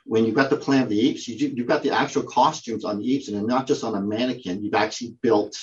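Brief: male guest, halting storyteller, lots of ums, dull lo-fi call audio. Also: medium pitch, steady tone. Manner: halting, with many fillers and restarts. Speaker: prop company owner, guest. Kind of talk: casual anecdote telling.

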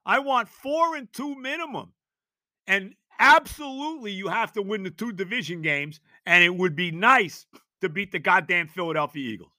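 An older man hosting a sports podcast, ranting loudly and exasperated, hammering points with shouted repetition. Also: sits high, dry recording, studio quality. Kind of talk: sports talk rant.

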